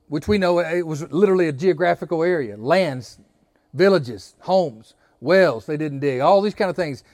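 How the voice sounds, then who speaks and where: A man's voice: high voice, dry recording, studio quality. A man preaching a sermon as pastor, building emphasis and leading the congregation in call-and-response.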